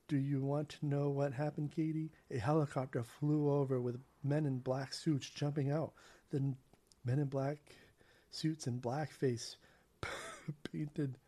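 A man reading the part of an obsessive young stalker in a low, brooding, deliberate way. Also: dark tone.

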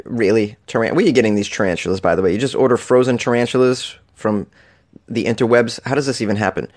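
A man's voice: medium pitch, fast talker, darkish tone. A man hosting a comedic news show, reading odd stories and riffing on them sarcastically, with casual swearing. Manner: sarcastic, swears casually, laughs at his own jokes. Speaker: podcast host.

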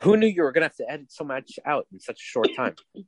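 A man's voice: on the high side, big pitch swings, fast talker. A man in casual podcast chat, joking and tossing out wisecracks.

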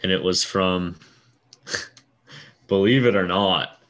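A tired man co-hosting a casual sports podcast, chatting with dry, deadpan humor. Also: sits low, slow. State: tired and yawning. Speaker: podcast co-host. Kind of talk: casual chat.

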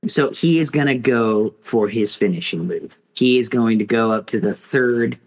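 A man's voice: medium pitch, lively intonation, normal speed, rough recording. A man co-hosting a podcast, telling a mock fight in a rambling, casual way full of fillers. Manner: rambling, filler-heavy storytelling. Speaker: podcast co-host.

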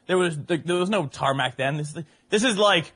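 A man in his thirties talks with an accent that mixes English, Northern Irish and American sounds. He tells stories loosely, with laughter and casual swearing. His tone is bright and a bit high. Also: moderate pace. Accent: mixed English, Northern Irish and American. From Northern Ireland and England, raised abroad. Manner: laughing, swearing, animated storyteller. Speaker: podcast guest. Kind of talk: casual chat.

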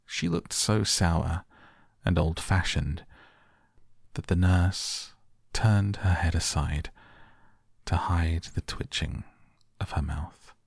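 A man narrating a classic novel as a soft bedtime audiobook, calm and measured. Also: low voice, vocal fry, no room sound, clean studio sound.

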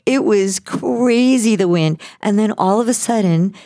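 A middle-aged woman co-hosting a podcast, telling stories in casual chat with lively laughter. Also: medium pitch, unhurried, no echo, studio quality. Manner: animated storyteller, laughs often. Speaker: podcast co-host.

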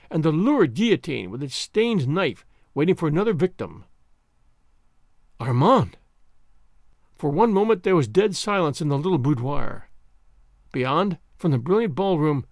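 A man narrating a classic novel in an expressive, dramatic reading. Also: on the high side, no echo, studio quality. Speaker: audiobook narrator.

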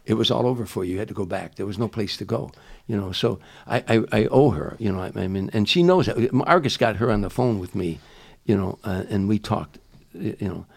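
A man's voice: on the low side, fairly quick, gravelly, hardly any pauses. An older man from Chicago, a guest comedian telling a long story in a rambling way, full of restarts and "you know". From Chicago, USA. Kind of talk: casual storytelling.

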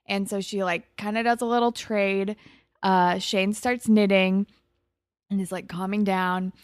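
A woman co-hosting a podcast retells a TV episode in casual chat, summarizing the plot steadily with "like" fillers and small restarts. Her mid-range voice is clear and resonant, a little slow, captured in a dry recording with clean studio sound.

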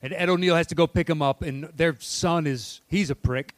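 A young man co-hosting a casual podcast, chatty and quick to laugh as he ranks movies. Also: fairly high pitch, dry recording. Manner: chatty, laughs easily, jokey asides. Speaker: podcast co-host. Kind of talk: casual movie-ranking chat.

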